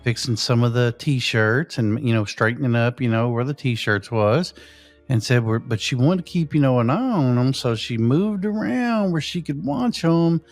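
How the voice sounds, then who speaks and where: Over soft background music, the show's host tells a ghost story in a casual, rambling way, leaning heavily on "you know" and other fillers. His voice is mid-range and expressive, and he speaks at a normal speed.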